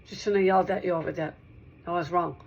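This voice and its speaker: A woman's voice: on the low side, steady tone, quick pace, dull audio. A woman talking straight to one listener in a rambling monologue, repeating herself and circling back over the same points.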